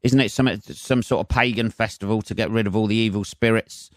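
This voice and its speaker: A man's voice: lowish voice, fairly even intonation, a little fast, no echo, studio quality. A man hosting a comedy podcast alone, ranting sarcastically and swearing constantly, slipping into mocking voices. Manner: sweary, sarcastic, mimics voices mid-rant. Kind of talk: solo comedic rant.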